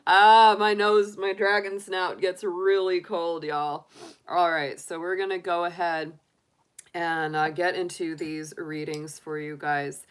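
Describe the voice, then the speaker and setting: A woman's voice: fairly low pitch, level tone, slow, smooth. A woman tarot reader chatting casually and giggling with her livestream viewers. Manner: giggly, chatty, laughs often. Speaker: tarot reader, channel host.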